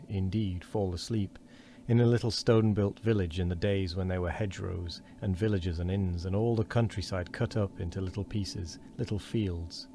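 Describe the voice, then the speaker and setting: Deep-voiced man reading a bewildered, exasperated man, insistent, earnest, low. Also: mellow, a little hiss or hum.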